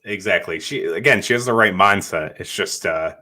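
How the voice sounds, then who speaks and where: A man's voice: deep voice, moderate pace, pushed and bright. A man co-hosting a podcast, chatting casually with many fillers as he recaps scenes. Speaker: podcast co-host. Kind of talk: casual chat.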